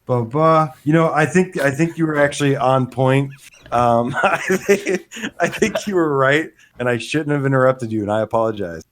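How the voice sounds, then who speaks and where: A man's voice: medium pitch, lively intonation, moderate pace, a little hiss or hum. A man co-hosting a casual live gaming podcast, rambling with many restarts and laughs. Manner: rambling, laughs often, hesitant. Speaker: podcast co-host. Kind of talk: casual live show chat.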